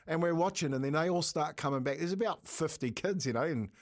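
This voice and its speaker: A man's voice: on the high side, brisk. Laughing middle-aged New Zealand man. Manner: chatty, laughs often, says "mate" a lot. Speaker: radio co-host. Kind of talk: casual radio banter and storytelling.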